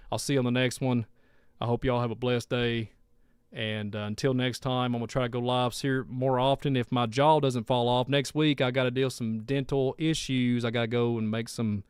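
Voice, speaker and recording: A man's voice: medium pitch, clean tone, dry recording, studio quality. A man hosting a live stream, rambling and heartfelt as he thanks viewers and signs off. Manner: rambling, heartfelt, repeats himself. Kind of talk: casual live stream sign-off.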